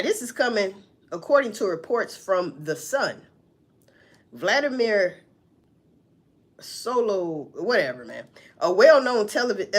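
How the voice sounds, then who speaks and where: A woman riffs on a news report for her audience, swearing freely and asking and answering her own questions. Her pitch swings widely as she talks. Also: breathy edge. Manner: profane, animated, talks back to herself. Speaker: vlogger reacting to news. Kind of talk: casual news commentary.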